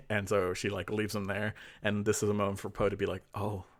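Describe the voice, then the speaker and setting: A man's voice: on the low side, little pitch movement, brisk. A man co-hosting a podcast, rambling through a fanfic plot in casual chat, with lots of fillers and quoted lines. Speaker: podcast co-host.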